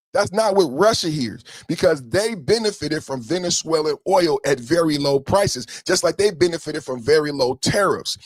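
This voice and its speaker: A man hosting a podcast, giving heated, profane political commentary and often shouting. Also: sits high, no echo. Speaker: podcast host.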